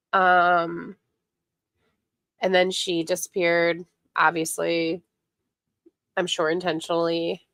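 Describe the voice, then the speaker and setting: A woman's voice: lowish voice, a bit bright, smooth, no room sound, studio quality. Congested woman chatting on a livestream. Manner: chatty, greets viewers by name, rambling with fillers. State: congested from a head cold. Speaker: livestream host. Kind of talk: casual livestream chat.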